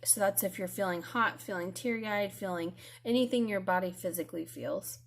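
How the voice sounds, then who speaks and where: A young woman speaks to her students in a recorded lesson. She is gentle and reassuring, with the odd "um" as she goes. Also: medium pitch, normal speed, gravelly, few pauses, a little hiss or hum. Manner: gentle, reassuring, with frequent fillers.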